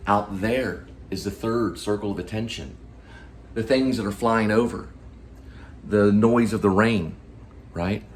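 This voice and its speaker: A man vlogging about acting technique, rambling and asking the viewer quick questions. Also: on the low side, a little hiss or hum. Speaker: vlogger and actor teaching acting. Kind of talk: casual acting talk to camera.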